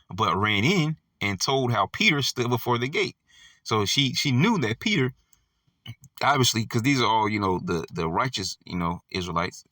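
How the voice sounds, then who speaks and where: A man walks through a scripture passage in an easygoing, conversational way, checking in with his listeners again and again. His voice is fairly low, and it sounds a little distant from the mic in a dry, dead room. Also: bright, forceful tone, no echo. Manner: conversational, full of fillers like "all right" and "you know". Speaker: Bible study teacher. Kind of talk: casual Bible study teaching. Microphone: audio only, not seen.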